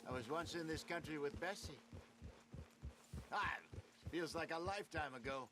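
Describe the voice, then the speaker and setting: An actor playing an older, gentle and weary con man in a video game, soft-spoken and wistful. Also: on the high side, normal speed, noisy background, natural voice.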